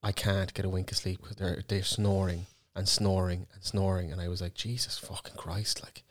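A young man with a Cork Irish accent talks briskly in a low, monotone voice. He co-hosts a podcast, telling stories in casual chat with voiced asides and plenty of swearing.

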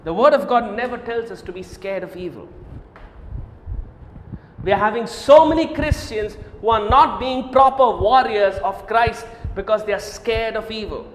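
High-voiced man preaching in an echoey hall. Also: animated, normal speed, a little hiss or hum. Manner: dramatic swings from loud emphatic declarations to quiet low asides; repeats Scripture phrases for emphasis. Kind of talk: sermon. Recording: echoey hall, roomy reverb.

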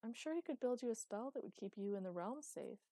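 A woman's voice: fairly high pitch, lively intonation, a little fast, warm tone, no room sound, pitched above the performer's own voice. A woman voicing an eager, anxious young goddess who talks in a hopeful rush. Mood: awkward.

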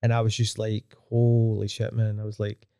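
A man's voice: fairly low pitch, completely flat delivery, normal speed, dark tone, clear, resonant tone, no room sound, studio quality. A middle-aged man with a Glaswegian accent, telling stories in a rambling way, full of restarts and swearing. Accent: Glaswegian Scottish. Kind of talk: casual podcast chat.

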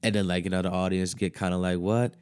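Excitable, profane man chatting casually. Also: sits low, fast talker, clear, resonant tone. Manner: loose, profane and excitable, heavy on fillers. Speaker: podcast host. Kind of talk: casual chat.

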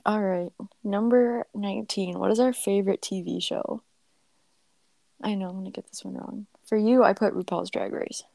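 A young woman talks easily with a friend over a video call, thoughtful and heavy on fillers. Her voice has a gravelly vocal fry. The sound is dry and close. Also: medium pitch, fairly even intonation, normal speed, a little mellow, no echo, poor audio. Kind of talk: casual chat, quiz game.

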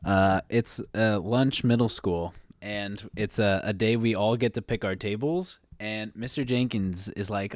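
Young male podcast co-host, animated storyteller, dry close sound. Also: on the low side, a little slow, hardly any pauses, no echo. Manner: animated storyteller, laughs often. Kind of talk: casual chat.

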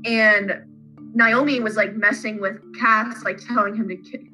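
A woman co-hosting a casual fan podcast, retelling scenes in a rambling, animated way. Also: mid-range voice, a little slow, faint music behind, poor audio. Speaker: podcast co-host.

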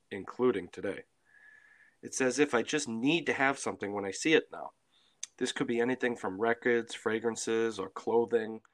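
Steady-voiced man co-hosting a sobriety podcast. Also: on the low side. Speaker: podcast co-host. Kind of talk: scripted podcast talk.

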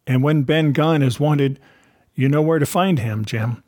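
A man voicing a half-wild marooned old sailor, cunning and anxious, speaking in rough sailor's grammar in a storybook reading. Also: fairly high pitch, a little slow, darkish tone, no room sound, studio quality, lightly acted. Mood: wheedling. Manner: rustic sailor's grammar, sly and insistent.

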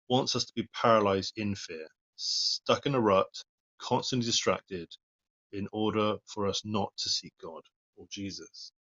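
A man's voice: on the low side, fairly bright tone, muffled recording. A man giving an informal devotional talk, reading Bible verses and commenting on them in an earnest, plain-spoken way. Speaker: lay preacher.

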